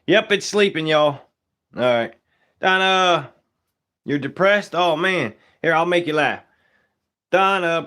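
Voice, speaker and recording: Man, young adult, slightly high voice, laid-back, casual live stream chat, taxidermist. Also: slow, pauses often, bright, forceful tone, clean tone. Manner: laid-back, greets viewers by name, Southern-style casual grammar.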